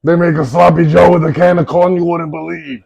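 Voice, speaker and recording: Man doing a brash comedian impression, higher and louder than his own voice, dull lo-fi sound. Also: little pitch movement, fairly quick, gravelly. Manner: shouty, brash street-talking delivery. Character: gruff loud male comedian impression, brash.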